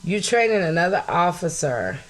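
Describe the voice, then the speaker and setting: Woman, podcast host, angry rant, blunt, swearing, shouts at peaks, greets viewers. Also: lowish voice, big pitch swings, moderate pace. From United States. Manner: greets live chat viewers mid-talk. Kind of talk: impassioned solo podcast talk.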